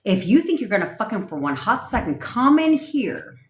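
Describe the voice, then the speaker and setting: Ranting on a livestream through her phone, this woman, a manifestation coach, stays blunt, emphatic and full of profanity. Her slightly high voice swings widely in pitch at a normal speed, with a roomy echo around it.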